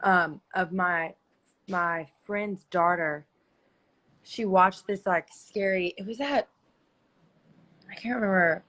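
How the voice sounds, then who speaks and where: A woman's voice: on the low side, takes it slowly, pauses often, fairly bright tone. A woman hosting a casual live stream chat, enthusiastic and rambling. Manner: enthusiastic, rambling, searches for words.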